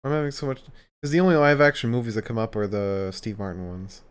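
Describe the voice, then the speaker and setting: A man's voice: medium pitch, animated, fast talker, clear, resonant tone. A man hosting a podcast, chatting casually, swearing now and then, and reading out listener questions. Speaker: podcast host. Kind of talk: casual chat.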